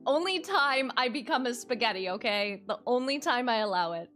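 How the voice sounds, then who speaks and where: A young woman streamer chatting casually with her viewers, excitable and quick to squeal minced oaths. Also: fairly high pitch, soft background music. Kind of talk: casual live-stream chat.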